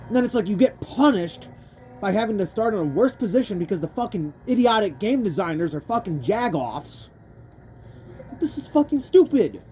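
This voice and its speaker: A young woman gives let's-play commentary over faint game music, swearing and complaining in a frustrated rant. Her voice is warm and mellow, yet her pitch swings widely as she cuts herself off and starts again. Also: animated, brisk. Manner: angry profane ranting; frustrated, rambling self-interrupting talk. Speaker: gamer playing a kart racing game.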